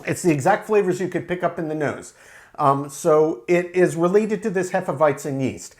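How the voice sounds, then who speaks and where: A man reviewing a beer to camera in a relaxed, explanatory way, with frequent fillers. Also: a little high, normal speed.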